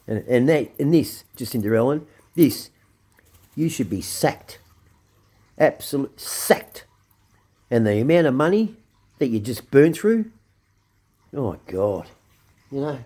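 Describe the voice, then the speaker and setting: An Australian man hosting his own show delivers angry ranting commentary in a warm, medium-pitched voice. He's blunt, swears a lot, and repeats himself.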